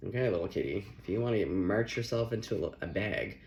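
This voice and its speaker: A man voicing a calm, patient God figure who gently scolds with rhetorical questions. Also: lowish voice, fairly quick, creaky, slight background noise. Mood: teasing patience.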